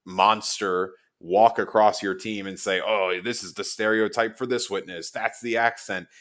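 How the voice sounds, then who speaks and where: Low-voiced man giving frank advice. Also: a bit bright. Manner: frank, measured, giving examples. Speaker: podcast co-host and mock trial coach. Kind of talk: conversational podcast advice.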